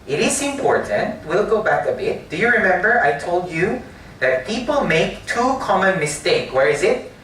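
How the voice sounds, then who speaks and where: A man teaching writing to a class, speaking slowly and often asking if they understand. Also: high voice, big pitch swings, a bit bright, a little hiss or hum. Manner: slow, repetitive, checks understanding with questions. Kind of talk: classroom lecture. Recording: echoey classroom from far off.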